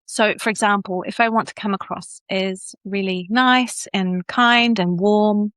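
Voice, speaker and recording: A middle-aged woman with a New Zealand accent, a communications coach speaking as a podcast guest and playing with her pitch and pace to show what a voice can do. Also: a little slow, no echo. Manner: animated, plays with pitch and pace to demonstrate. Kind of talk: podcast interview.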